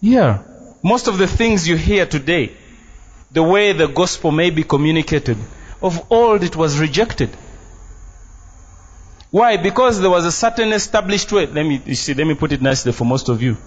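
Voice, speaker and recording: A man's voice: a little high, animated, normal speed, breathy edge. A man preaching a sermon as pastor in a church, emphatic and playful, dropping Luganda phrases into his English. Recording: dull, muffled sound.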